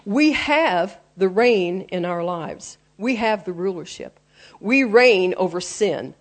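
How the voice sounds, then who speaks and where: A woman's voice: mid-range voice, animated, slow. A woman preaching a sermon, explaining the roots of words and quoting scripture in an earnest teaching tone.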